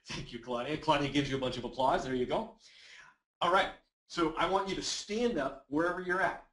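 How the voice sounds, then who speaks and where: Male webinar presenter and voice coach, average pitch, energetic and coaxing; echoey room audio. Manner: energetic and encouraging, reads audience comments aloud. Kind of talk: live webinar teaching.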